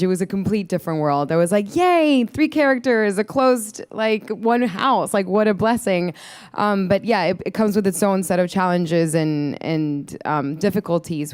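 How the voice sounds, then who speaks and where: A woman's voice: deep voice, clear, resonant tone, dry recording. A young woman from Chile with a Chilean Spanish accent, an actress answering interview questions, often laughing and saying um. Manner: warm, laughing, with many ums.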